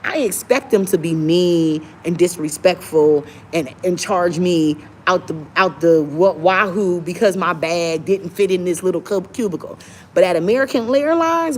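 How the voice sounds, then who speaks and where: Young woman ranting to camera about bad service, emphatic, slips into a soft polite service voice, bit of hiss. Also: medium pitch. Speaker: travel vlogger. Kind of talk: opinionated rant to camera.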